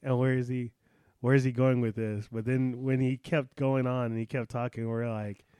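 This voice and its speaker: A man spins a bar story in loose podcast banter, lively and quick to laugh, slipping into the voices of the people he met. His voice sits in a middling register and is caught up close on a dry mic with no room sound. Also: mid-range voice, smooth, dry recording. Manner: animated, laughs often, acts out quoted voices. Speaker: podcast co-host telling a travel story. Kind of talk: casual storytelling chat.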